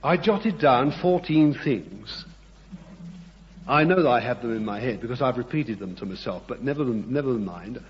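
A man's voice: mid-range voice, animated, normal speed, a little hiss or hum. A man delivering a sermon, emphatic and repetitive, questioning his congregation. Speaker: preacher. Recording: dull lo-fi echoey hall.

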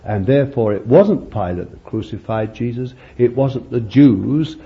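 Male preacher with a folksy, conversational sermon delivery and an animated pitch, on a muffled lo-fi recording. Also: measured pace. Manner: folksy, conversational preaching with many "you see" asides. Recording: muffled lo-fi recording with faint hiss.

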